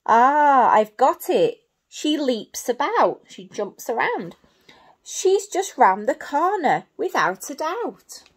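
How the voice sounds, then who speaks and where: A woman's voice: sits high, very animated, takes it slowly, full character voice. A woman voicing an eager, helpful little butterfly in a storybook, chirpy and confident.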